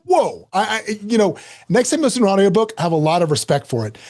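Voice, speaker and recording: A middle-aged man telling a story as a podcast guest, lively and self-mocking, acting out quoted lines. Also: sits high, racing. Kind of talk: animated storytelling in an interview.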